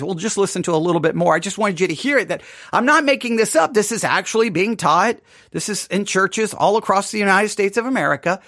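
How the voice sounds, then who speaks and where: During a livestreamed Bible study he's teaching, a man reacts to a sermon with emphatic, sarcastic exasperation. His voice sits high, a bit bright, at a quick pace, and the recording is dry and studio quality.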